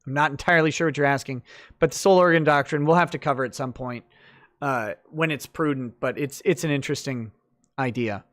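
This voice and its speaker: A man's voice: medium pitch, a little fast, a bit bright. A man hosting a late-night livestream, chatting loosely through viewer comments with lots of fillers and restarts.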